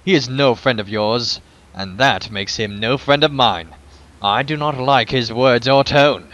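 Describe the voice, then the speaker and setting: A man's voice: mid-range voice, unhurried, fairly bright tone, dull audio, lightly acted. A man voicing a proud, stern male dwarf warrior, reading game dialogue aloud in a stiff, formal way. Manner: formal, stiff-spoken, reads in character.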